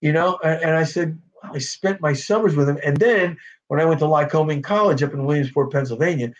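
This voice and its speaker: A middle-aged man spins lively personal stories in a relaxed interview, slipping into the voices of the people he quotes. His voice sits fairly high for a man, and the recording sounds dull and lo-fi. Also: brisk. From North Jersey. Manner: animated anecdotes, acts out quoted voices, frequent "you know". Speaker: actor guest. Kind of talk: casual storytelling interview. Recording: dull lo-fi audio.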